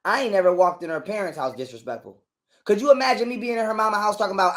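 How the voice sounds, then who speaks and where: A man's voice: high-pitched, a bit bright. A man, a guest on a call, telling a heated personal story in street slang and swearing a lot. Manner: heated, profane, talks fast in street slang.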